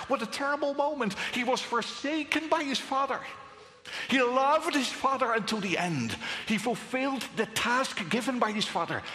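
A man preaching a sermon, dropping to hushed whispers and rising to fervent cries. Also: high-pitched. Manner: dramatic swings between hushed whispers and raised cries. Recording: echoey hall with long reverb.

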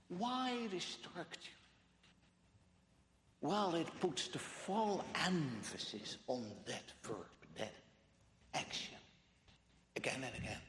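A man preaching a sermon, emphatic and repetitive, dropping to a hush and then rising loud. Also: medium pitch, slight background noise. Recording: echoey hall with long reverb.

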